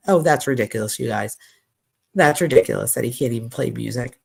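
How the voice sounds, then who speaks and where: A woman's voice: extremely low pitch, expressive, fairly quick, gravelly, husky. A woman hosting a true crime channel, reading text messages aloud and breaking in with exasperated asides. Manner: exasperated asides between quoted texts.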